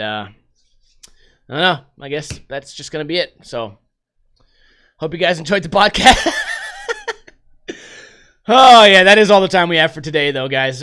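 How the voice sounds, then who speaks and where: A man's voice: high voice, bright, forceful tone, smooth. A young man hosting a livestream podcast, telling crude, rambling stories with heavy swearing in casual chat. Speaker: podcast host.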